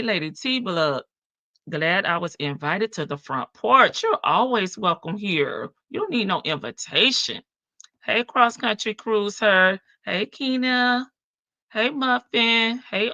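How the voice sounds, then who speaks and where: A woman's voice: medium pitch, animated, takes it slowly, pushed and bright, no room sound, dull audio. A woman hosting a casual livestream, chatting and greeting viewers one by one in a big country voice. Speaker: livestream host.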